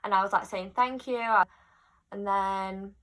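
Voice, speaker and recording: A young woman vlogger with a mid-range voice tells a personal story at a measured pace, chatty and animated, acting out what people said.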